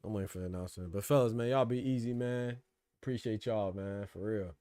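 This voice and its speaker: A man hosting a boxing podcast live stream, casual and slangy, trash-talking his chat and laughing loudly. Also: fairly low pitch, fast talker, smooth.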